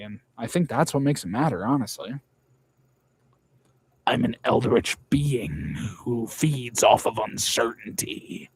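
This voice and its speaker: A man's voice: mid-range voice, a little mellow, no echo. A young man in casual chat, blunt and rambling, swearing often.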